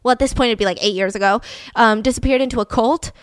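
A woman hosting a podcast tells a true-crime story in a loose, chatty way. Her voice sits fairly high, and she gets animated and openly indignant about what happened. The sound is dry and close. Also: quick pace, clear, resonant tone, dry recording. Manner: animated and indignant, heavy use of "like". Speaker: podcast host.

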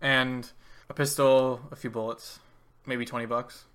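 Male game master, casual and easygoing, mid-pitched narration. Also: level tone, a little slow, fairly bright tone, clean tone.

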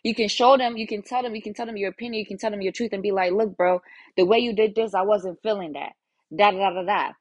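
A young woman hosts a solo podcast at a quick pace, her medium-pitched voice dry with no echo. She talks frankly and casually, curses a lot, and often acts out her own inner voice.

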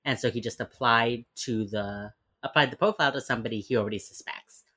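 A woman's voice: rumbling low, a little fast, fairly bright tone. A woman co-hosting a podcast, chatting casually about a TV episode, swearing and animatedly acting out characters' lines. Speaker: podcast co-host. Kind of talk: casual chat recapping a TV episode.

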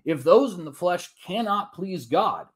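A man's voice: sits high, lively intonation, measured pace. A man giving a formal debate opening, reading long scripture passages aloud. He stops to correct his own slips and adds emphatic, folksy asides. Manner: emphatic, with folksy idioms between quotes.

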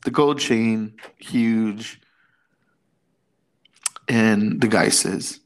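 A man's voice: fairly low pitch, drawn-out words. A middle-aged man telling a story in casual conversation, slipping into the voices of the people he quotes. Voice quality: animated storyteller, acts out quotes. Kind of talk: casual chat.

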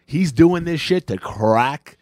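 A male comedian co-hosting a podcast, swinging his pitch up and down as he spins crude, profane anecdotes in loose banter. His voice is close and dry, with no room sound around it. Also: lively intonation, takes it slowly, dry recording. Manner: profane storyteller, puts on shouty tough-guy voices in anecdotes.

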